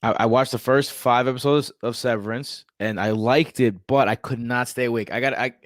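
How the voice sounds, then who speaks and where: A man's voice: mid-range voice, steady tone, brisk, no echo, clean studio sound. A man co-hosting a podcast in casual, slangy, rambling chat. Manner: slangy, laid-back, rambling. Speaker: podcast co-host, teacher.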